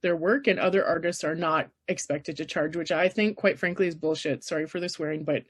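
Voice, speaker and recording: A woman's voice: low-pitched, steady tone, fairly quick, slightly rough. Emphatic woman leading a workshop. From Canada. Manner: emphatic, encouraging, blunt. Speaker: workshop presenter. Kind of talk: casual workshop talk.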